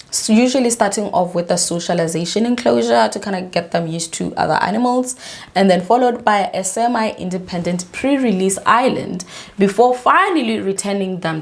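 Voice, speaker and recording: A woman's voice: medium pitch, vocal fry. A woman hosting a video, narrating a true story in a casual, emphatic way with indignant asides. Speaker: video host.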